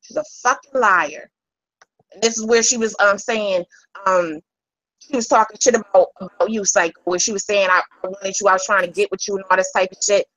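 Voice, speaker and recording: A woman's voice: medium pitch, a little fast, a bit bright, no room sound, rough recording. Woman, furious livestream rant, profane, confrontational, dry sound. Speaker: livestreamer addressing critics.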